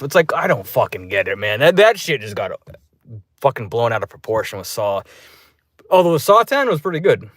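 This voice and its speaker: A man's voice: normal speed, no echo, clean studio sound. Rambling, profane young man reviewing a movie. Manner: rambling, profane, animated with pitched-up quoted reactions. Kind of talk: casual spoken review.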